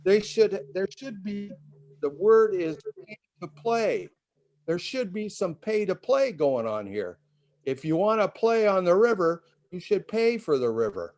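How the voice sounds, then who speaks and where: Older guy, upset and halting, pitch a bit high, calling into a meeting. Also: sing-song, a little mellow. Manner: indignant, emotional, halting. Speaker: resident giving public comment. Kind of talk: public comment at a meeting. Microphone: video call.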